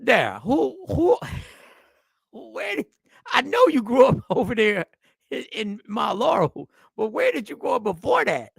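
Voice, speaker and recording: A man hosting a livestream who jokes, riffs and rambles, his voice high and gravelly. He is recorded dry and close to the mic, with no room sound. He restarts his sentences often. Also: unhurried, no echo. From Puerto Rican background. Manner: animated, joking, rambling with restarts. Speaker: livestream host. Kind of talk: casual livestream commentary.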